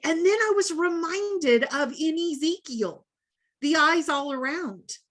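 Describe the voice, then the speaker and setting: A woman's voice: very high voice, animated, slow pace, a bit bright. A woman sharing in an online lesson, speaking in an emphatic, decreeing way. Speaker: participant. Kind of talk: fervent spiritual sharing.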